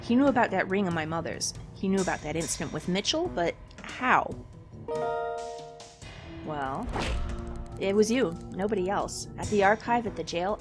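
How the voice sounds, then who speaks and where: A woman reading the lines of an earnest young nobleman who questions his servant calmly, in a game read aloud. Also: mid-range voice, music in the background, lightly acted. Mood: accusing. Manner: measured, questioning.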